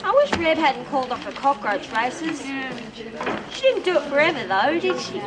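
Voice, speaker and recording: A woman's voice: high voice, sing-song, moderate pace, crowd noise. An actress playing a cheeky, chatty female prison inmate with an Australian accent, talking in eager slang.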